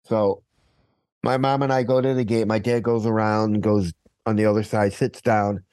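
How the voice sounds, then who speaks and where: Casting: man, low mellow voice, relaxed storyteller, dry close sound. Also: moderate pace, no room sound. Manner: storytelling, quoting others. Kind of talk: casual conversation.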